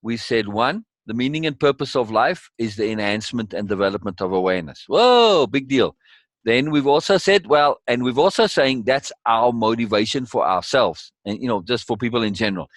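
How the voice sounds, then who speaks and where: A man's voice: mid-range voice, expressive, fairly quick, few pauses, no room sound. Man, teaching a course, emphatic, repeats key words, very dry sound. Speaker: teacher leading a course session. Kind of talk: conversational teaching.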